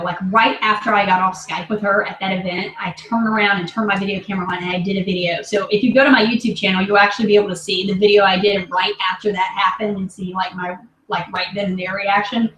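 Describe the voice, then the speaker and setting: Speaking to camera, a vlogger who also leads a business team shares a personal story with emphasis and emotion, frequently checking in with her audience. She's in her thirties, with a medium-pitched, fairly bright voice. The recording sounds roomy and echoey, with a distant mic and a faint hiss.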